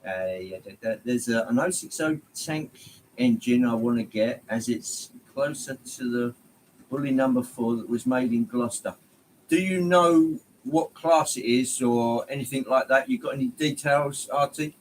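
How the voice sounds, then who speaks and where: Relaxed male streamer, friendly and rambling, middle pitch, lots of ums and restarts. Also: normal speed, a little hiss or hum, low-quality recording. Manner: rambling and friendly, greeting viewers by name, many ums. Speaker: livestream host. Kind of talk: casual livestream chat. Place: home hobby room, indoors.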